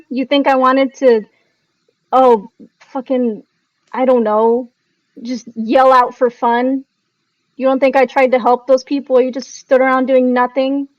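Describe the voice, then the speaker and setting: A woman's voice: high-pitched, no room sound. A woman voicing a bitter, defensive male adventurer who swears and argues back. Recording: dull lo-fi sound.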